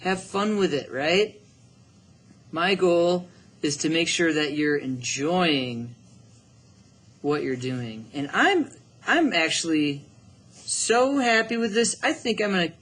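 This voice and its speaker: A man's voice: a little high, animated, takes it slowly, pauses often, fairly bright tone. A middle-aged man teaching a drawing lesson, upbeat and encouraging, thinking aloud as he works. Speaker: art teacher.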